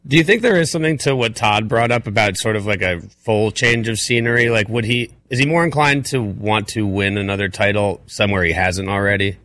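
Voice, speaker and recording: A man's voice: fairly low pitch, brisk, hardly any pauses, fairly bright tone, no echo. A man on a radio show who answers briefly and brings up facts and poll questions. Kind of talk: casual radio show chat.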